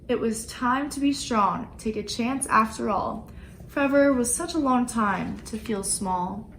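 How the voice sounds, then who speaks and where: A woman volunteer reading a rhyming children's picture book aloud, with expressive, playful emphasis. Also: on the high side, a little hiss or hum, rough recording.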